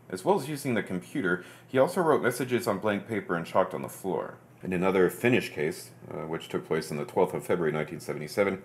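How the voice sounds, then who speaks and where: This podcast host works through articles in an even, deliberate reading voice, occasionally dropping into a quick murmured comment before carrying on.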